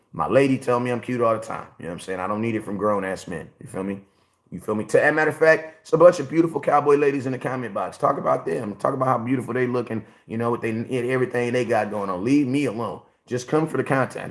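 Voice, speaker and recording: A man's voice: medium pitch, quick pace. Man, 40, sports livestream host; blunt, repetitive, chatty with the audience. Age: 40s. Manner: blunt, repetitive, talks straight to chat. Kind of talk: casual livestream commentary.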